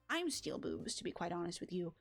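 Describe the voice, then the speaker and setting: A young woman streaming a game, chatting casually in a gushing, excitable, rambling way, from a home setup. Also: lowish voice, normal speed, gravelly, husky. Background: faint background music.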